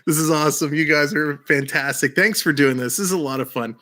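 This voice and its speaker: A man's voice: on the high side, quick pace, sharp tone. A man hosting a livestream in casual chat, upbeat and laughing often. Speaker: livestream host.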